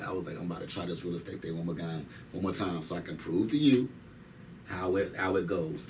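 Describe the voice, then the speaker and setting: Deep-voiced man telling his story, slangy. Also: a little fast, darkish tone. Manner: emphatic, slangy, repeats phrases. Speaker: interview guest. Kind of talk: casual storytelling. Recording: distant mic with faint noise.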